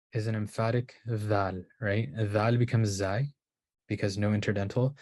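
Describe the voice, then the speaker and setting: In a low, slightly mellow voice, a Qur'an recitation teacher lectures on pronunciation. He thinks aloud, restarts his sentences and checks in with "right?" as he explains.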